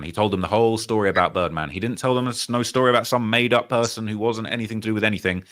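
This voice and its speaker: Animated British man, bright voice. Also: sits low. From United Kingdom. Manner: animated, emphatic, repeats phrases, reads comments aloud. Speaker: streaming commentary host. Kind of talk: casual commentary on rap news and chat comments.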